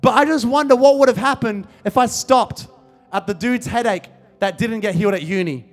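A man's voice: very high voice, normal speed, faint music behind. A young man preaching a sermon, telling a story and then building to fervent, impassioned exhortation. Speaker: youth preacher.

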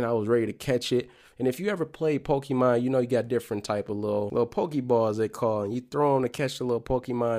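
A man telling a personal childhood story to viewers in a casual, slangy, animated way, drawing a life lesson from it. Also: mid-range voice. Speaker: motivational speaker.

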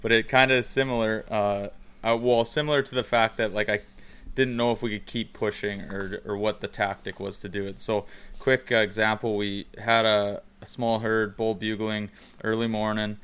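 A man's voice: on the low side, little pitch movement, moderate pace, a bit bright, clear, resonant tone. A man hosting an interview, asking questions in a hesitant, self-deprecating way. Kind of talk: casual interview chat.

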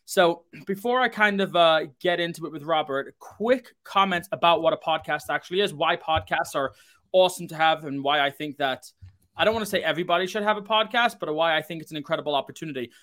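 A man's voice: fairly high pitch, fast talker. A man hosting a live podcast, talking energetically with plenty of fillers. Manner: energetic, talkative, many fillers. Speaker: podcast host.

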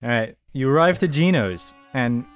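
A man narrating a tabletop role-playing game as game master, setting scenes in a calm, wry way. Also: mid-range voice, a little slow, clear, resonant tone, faint music behind.

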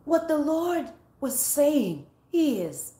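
A woman's voice: high voice, sing-song, drawn-out words, mellow, echoey room. A woman preaching a podcast sermon who repeats phrases for emphasis and breaks into laughs.

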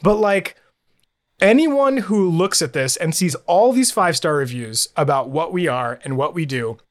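Podcast co-host, male, fairly high voice, sarcastic and animated. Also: moderate pace. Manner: sarcastic, animated ranting with laughs. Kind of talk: casual chat.

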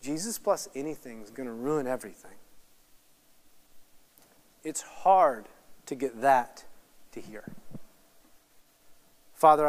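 A man giving a sermon at an evening Bible study, telling a personal story in an animated way and then praying. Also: fairly high pitch. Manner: animated storytelling, laughs at himself. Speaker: guest preacher. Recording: reverberant hall sound.

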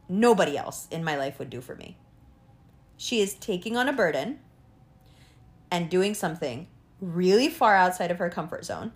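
A young woman hosting a casual monologue, profane and animated, often laughing and asking rhetorical questions. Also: lowish voice.

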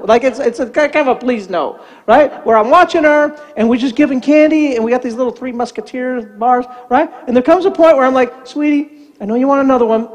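High-pitched older man preaching. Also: long reverb tail. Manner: animated storytelling, acts out quotes. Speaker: pastor. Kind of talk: sermon.

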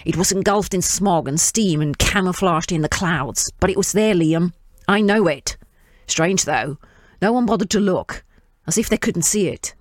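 A woman's voice: on the low side, normal speed, close to an everyday voice. A woman reading as an earnest young miner.

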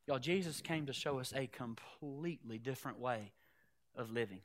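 A male pastor preaching a sermon, telling a Bible story with acted-out dialogue and swings from shouts to hushed tones. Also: medium pitch, moderate pace.

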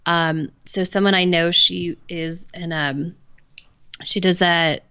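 A woman's voice: on the low side, steady tone, takes it slowly, sharp tone, clear, resonant tone, no echo, studio quality. A woman co-hosting a podcast as a coach, chatting enthusiastically with frequent fillers. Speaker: podcast co-host, business coach. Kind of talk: casual chat.

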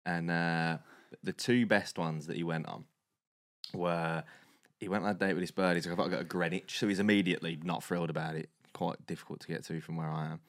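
A man, co-hosting a podcast, telling animated, sweary stories in casual chat. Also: low voice, a little fast, no echo, clean studio sound. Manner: animated storyteller, swears freely, British slang. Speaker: podcast co-host.

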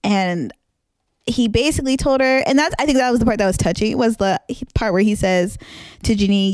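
A woman's voice: a little high, lively intonation, fairly quick, no echo, clean studio sound. A woman co-hosting a casual recap podcast, gushing about an episode and laughing often. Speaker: podcast co-host.

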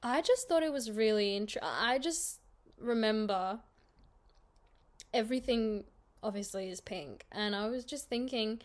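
A woman hosting a podcast, playful and giggly in casual chat. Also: a little high. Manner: playful, giggly, drawn-out words. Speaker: podcast host.

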